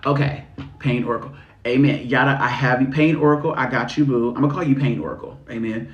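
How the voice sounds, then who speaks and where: A man giving spiritual readings on a livestream, talking in a sassy, slangy, animated way. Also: mid-range voice, quick pace, dull audio. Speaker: spiritual reader. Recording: echoey room.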